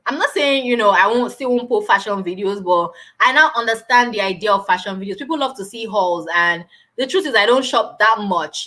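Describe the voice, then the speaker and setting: A middle-aged woman hosting a casual live stream, talking loudly and with lots of energy, on a built-in mic with no lapel mic. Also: mid-range voice. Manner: loud, animated, says she is always shouting.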